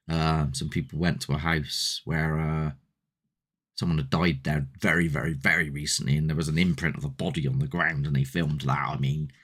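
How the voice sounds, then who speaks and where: Male host, deep voice, rambly live chat with viewers. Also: a bit bright. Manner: rambling, chatty, answers viewer comments. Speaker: host of a paranormal channel. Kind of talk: casual live-stream chat.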